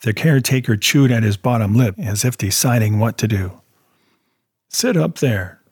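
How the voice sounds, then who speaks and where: A man narrating a story in a steady audiobook style. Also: on the low side, fairly quick, slightly rough, no echo, studio quality. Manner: steady storytelling, voicing characters.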